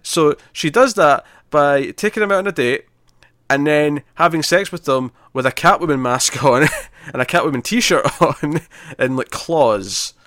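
A man co-hosting a casual film review chat, often trailing off into quieter asides. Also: a little high, a little slow, no echo. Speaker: podcast co-host.

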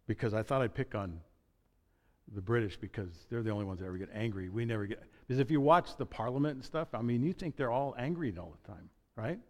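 Joking pastor in a reverberant hall. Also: male voice, fairly low pitch, a little mellow. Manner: conversational and joking, with asides and restarts. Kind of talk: sermon.

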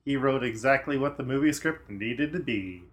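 A man co-hosting a relaxed movie podcast, chatty and fond of trivia. His voice sits at a middle pitch, and he fills the gaps with small agreeing murmurs. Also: moderate pace. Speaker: podcast co-host. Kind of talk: casual movie-review chat.

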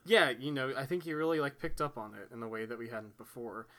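A young man from Texas co-hosting a casual comedy podcast, rambling and joking and quick to laugh. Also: mid-range voice, sharp tone. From Texas, United States. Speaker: podcast co-host.

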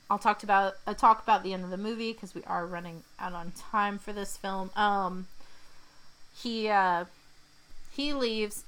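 In a medium-pitched, slightly bright voice, a young podcast co-host casually retells a movie scene by scene, chatting away and mimicking the characters' lines. The recording quality is low.

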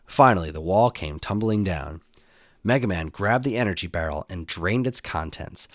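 A man narrating a children's adventure story aloud in an expressive, animated telling. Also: deep voice, no echo, studio quality.

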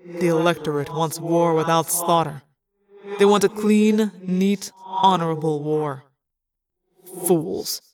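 A reader voicing a bitter, sneering male alien war prince with a gruff, sardonic manner. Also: medium pitch, flat delivery, a little slow, music in the background, natural voice.

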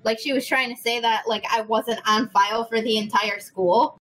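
A young woman telling a story in casual chat, animated, swearing freely and acting out the people in it. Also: on the high side, normal speed, rough recording. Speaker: podcast host.

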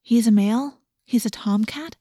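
A woman voicing a sensible teenage girl who warns in a hushed, half-whispered voice, in a dry audiobook reading. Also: a little high, normal speed, dry recording, lightly acted. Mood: worried.

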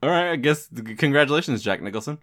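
A man's voice: a little high, animated, fast talker, fairly bright tone. A man co-hosting a casual chat, teasing and laughing easily as he talks.

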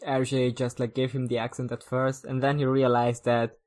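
A young man co-hosting a podcast, musing aloud in casual chat with halting restarts and easy laughter. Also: medium pitch, little pitch movement, a little mellow. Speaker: podcast co-host.

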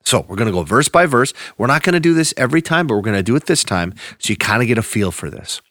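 A man preaching a sermon, teaching through scripture in a conversational way and reading verses slowly with emphasis. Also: medium pitch, very animated, a bit bright, no room sound, studio quality. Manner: conversational with restarts. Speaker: pastor.

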